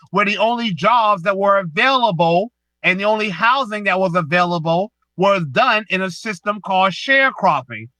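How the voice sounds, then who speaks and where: A man's voice: sits high, sharp tone, dry recording. A man with a Southern US accent hosting a live online audio space, lecturing a caller in a heated, emphatic way and repeating himself.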